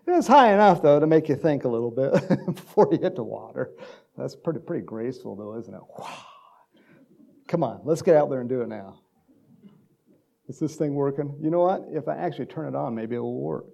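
Chatty gravelly-voiced pastor, rambling sermon. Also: male voice, medium pitch, expressive, brisk, warm tone. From Texas. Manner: chatty, rambling, laughing between stories. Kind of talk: casual sermon.

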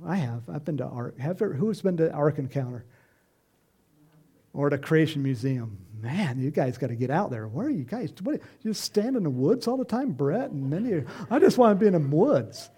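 A middle-aged man preaching an informal sermon, animated and chatty, acting out voices and chuckling as he speaks to the congregation. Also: a little high, moderate pace, slightly rough. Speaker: pastor.

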